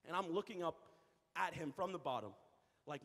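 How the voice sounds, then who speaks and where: A young adult man, a youth pastor, telling a story in a sermon, animated and repeating phrases for emphasis. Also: a little high, moderate pace. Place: church hall. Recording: reverberant church hall.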